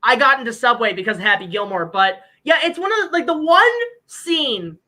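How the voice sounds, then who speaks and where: A woman's voice: a little high, expressive, fairly quick, pushed and bright, poor audio. A woman hosting a stream, chatting casually, joking and rambling with a lot of swearing. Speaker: stream host. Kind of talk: casual chat.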